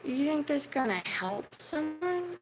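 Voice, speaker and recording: Slow-talking woman ranting at her chat. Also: high voice, big pitch swings, a little hiss or hum, low-quality recording. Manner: heated, profane, scolding. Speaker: livestreamer. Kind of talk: livestream rant at chat.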